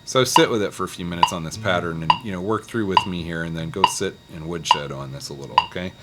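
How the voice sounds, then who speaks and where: A man teaching a casual guitar lesson, talking students through a scale in a relaxed, encouraging way and counting picking strokes aloud. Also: deep voice, normal speed. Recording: loud guitar playing underneath.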